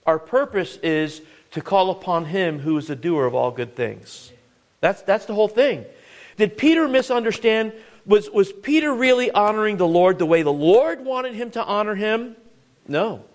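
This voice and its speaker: A man preaching a sermon, earnest and searching, often repeating words and asking the congregation questions. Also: high-pitched.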